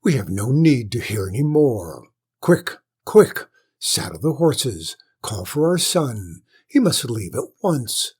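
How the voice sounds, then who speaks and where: A man doing a gruff, blustering old lord. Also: on the low side, animated, unhurried, heavily acted. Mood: gruff commanding. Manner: gruff, commanding, shouting.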